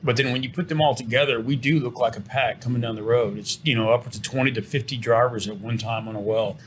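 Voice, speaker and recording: A middle-aged man, a company owner, giving an earnest interview pitch for his business and often repeating words as he restarts. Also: steady tone, fast, a little hiss or hum. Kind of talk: promotional interview talk.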